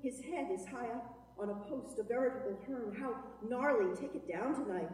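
Woman performance poet, higher voice, incantatory delivery, heard from a distance in a very echoey hall. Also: normal speed, a little mellow. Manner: incantatory, chanting, sometimes half-sung. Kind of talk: dramatic spoken-word performance. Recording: reverberant hall, from far off.

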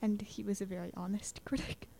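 A woman's voice: medium pitch, level tone, fairly quick, creaky, warm tone, slight background noise. A young woman chatting casually as a student guest, with lots of fillers, acting out little quotes as she talks. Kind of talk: casual chat about poetry.

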